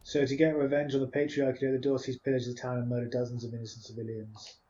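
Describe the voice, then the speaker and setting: A man's voice: mid-range voice, flat delivery, fast, warm tone, lo-fi sound. A man hosting a game let's play, reading dialogue choices and commenting in a matter-of-fact way.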